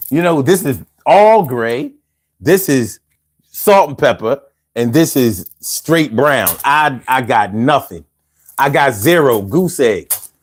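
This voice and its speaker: A middle-aged man hosting a casual live stream, reading viewer comments aloud and answering in a profane, rambling way with stammered restarts. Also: on the high side.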